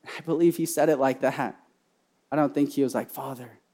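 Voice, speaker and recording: High-voiced impassioned male preacher. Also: steady tone, a little fast. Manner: impassioned preaching that swings from hushed storytelling to loud cries; repeats key phrases for emphasis. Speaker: pastor. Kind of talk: sermon.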